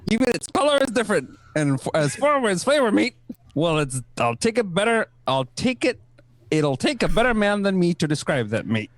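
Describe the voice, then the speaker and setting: A man's voice: high voice, sing-song, moderate pace, no room sound. A man voicing an old-time radio announcer with a put-on New Zealand accent, tacking "mate" onto his lines. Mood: hammy. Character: male radio announcer with a shaky Kiwi accent. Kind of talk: amateur radio play reading.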